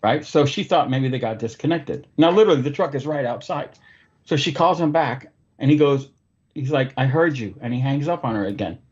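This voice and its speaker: A man's voice: medium pitch, brisk, husky. Guy on a podcast swearing thru funny stories, kinda dull lo-fi audio. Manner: profane, animated storyteller. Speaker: podcast host. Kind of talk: casual storytelling chat.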